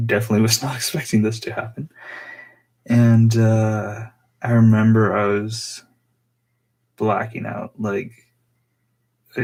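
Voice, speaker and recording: A young man telling a personal story on his vlog in a rambling, halting way full of fillers. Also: fairly low pitch, creaky, a little mellow, husky. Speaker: vlogger.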